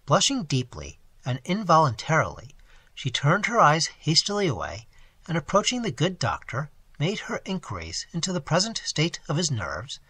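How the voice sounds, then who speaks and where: A man narrating a classic novel as an audiobook, telling it in an expressive, animated way. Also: fairly high pitch, husky, no room sound. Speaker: audiobook reader.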